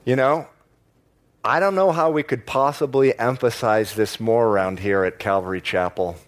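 A man preaching a sermon to a congregation in church, stressing key words by slowing down and repeating phrases. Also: medium pitch. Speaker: pastor.

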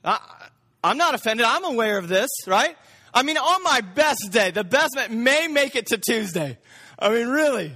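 High, bright, excitable preacher man. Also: moderate pace. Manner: excitable, gets loud and amped up; repeats words when he speeds up. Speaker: pastor. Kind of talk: sermon. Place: church, speaking from the front.

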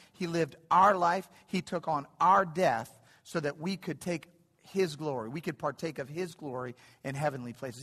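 A middle-aged man delivers a sermon in an animated way, repeating phrases as he builds toward excited high points. His voice sits a little high for a man. It rings out with long reverb through a church sanctuary. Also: breathy edge. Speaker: preacher.

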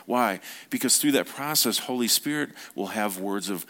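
A man preaching a conversational sermon, telling stories with relaxed, playful asides. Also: fairly low pitch, moderate pace.

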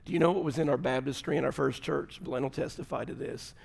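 A man's voice: medium pitch, quick pace, gravelly, slightly rough. A man, a pastor preaching a folksy sermon, telling stories and making asides to his congregation. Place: church sanctuary. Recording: long hall reverb.

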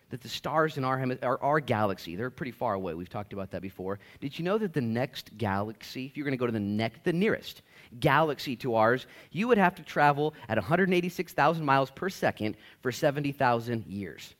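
A man's voice: medium pitch, expressive, fast talker. A man preaching a sermon, casual and conversational, acting out little asides as he teaches. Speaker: pastor. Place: church.

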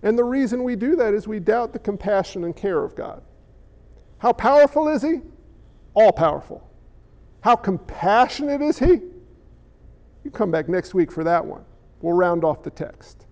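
A man preaching a sermon, retelling a Bible story with lively acted-out voices and quiet, tender moments. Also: high voice, normal speed, pauses often. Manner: animated storyteller, voices characters, shifts to hushed tenderness. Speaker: pastor.

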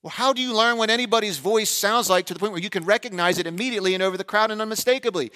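A man's voice: high-pitched, very fast, sharp tone. A male pastor delivering a sermon who asks the congregation questions and briefly acts out their replies.

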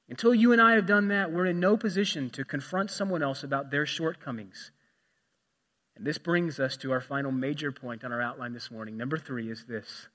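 High-voiced preacher in a reverberant hall. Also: male voice, a little fast. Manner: dynamic preaching, swinging from loud emphasis to hushed asides. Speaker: pastor. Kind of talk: sermon.

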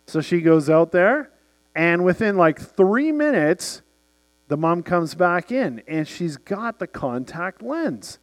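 A man in his forties, a pastor, preaching a sermon and telling lively stories with acted-out voices. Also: fairly high pitch, a little slow. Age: 40s. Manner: storytelling, acts out characters in the anecdote.

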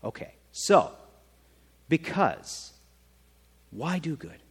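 A man preaching a sermon in a conversational way, often checking in with his listeners with a quick "right?". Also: fairly high pitch, big pitch swings, slightly rough, long reverb tail. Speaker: pastor.

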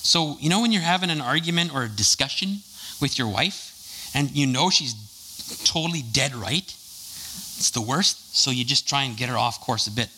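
A man's voice: mid-range voice, lively intonation, moderate pace, pushed and bright, slight background noise, rough recording. A man preaching a casual, conversational sermon, full of jokey asides and fillers.

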